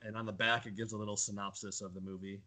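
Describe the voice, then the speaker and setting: A man's voice: on the low side, flat delivery, quick pace, bright, forceful tone. A man co-hosting a podcast, chatting easily with joking asides. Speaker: podcast co-host. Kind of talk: casual chat.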